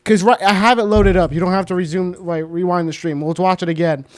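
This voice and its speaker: A man's voice: sits high, fairly even intonation, a little fast. A young man chatting casually on a stream, rueful and laughing at himself.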